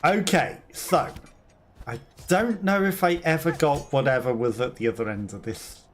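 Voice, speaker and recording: A man's voice: mid-range voice, normal speed. A man streaming a video game, giving rambling, self-mocking commentary and laughing often. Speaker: let's play streamer. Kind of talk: casual gameplay commentary.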